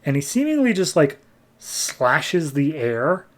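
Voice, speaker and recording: A man's voice: on the high side, very animated, takes it slowly. Rambling male comic-book podcast host. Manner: rambling, lots of "like", acts out characters. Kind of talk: casual comic recap and review.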